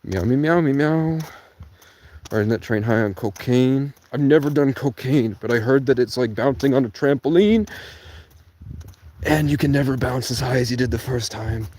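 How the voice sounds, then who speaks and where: Camped in a tent during a cold downpour, this livestreamer talks to his chat in a loose, profane ramble, now and then bursting into song or yelling out of nowhere. He has a medium-pitched voice and a moderate pace, and the audio carries a little hiss or hum.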